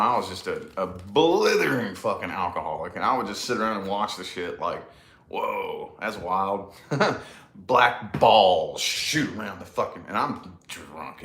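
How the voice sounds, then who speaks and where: A man's voice: fairly low pitch, very animated, normal speed, fairly bright tone, roomy sound. A man casually telling a personal story in a rambling, emphatic way, with lots of swearing and repeated phrases. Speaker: podcast co-host.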